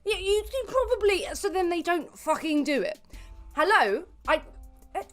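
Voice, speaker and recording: A woman's voice: very high-pitched, expressive, normal speed, fairly bright tone, faint music behind. Exasperated, swearing woman. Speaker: guest YouTuber. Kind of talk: casual chat.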